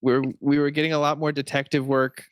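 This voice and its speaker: A man co-hosting a casual podcast, wry, with quick asides. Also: on the high side, little pitch movement, smooth, dry recording. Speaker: podcast co-host.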